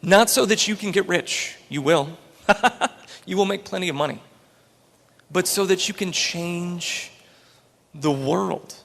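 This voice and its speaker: A man's voice: sits high, takes it slowly, creaky, long pauses, fairly bright tone, long reverb tail. A man, an entrepreneur, giving an earnest, story-filled inspirational talk on a large auditorium stage.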